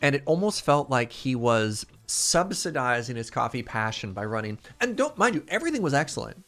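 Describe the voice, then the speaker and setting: An animated man tells a rambling story in a casual stream chat. His voice sits at an ordinary middle pitch and jumps up whenever something excites him. Faint background music plays under him. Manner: animated, excitable storyteller, quick quoted asides.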